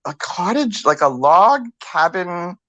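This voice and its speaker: A woman's voice: on the low side, big pitch swings, slow pace, fairly bright tone, no echo, dull audio. Chatty older woman, dry sound. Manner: rambling, chatty, many restarts. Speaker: podcast co-host. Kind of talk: casual chat, storytelling.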